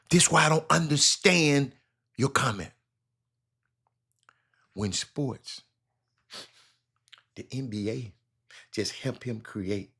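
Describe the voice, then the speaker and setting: A man's voice: on the low side, fairly bright tone, breathy edge. A man hosting a live sports talk show with a Southern US accent, speaking animatedly and calling out chat viewers by name.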